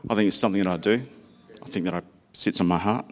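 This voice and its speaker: Man preaching a sermon, low voice. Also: fast, fairly bright tone. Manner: personal, conversational preaching with anecdotes.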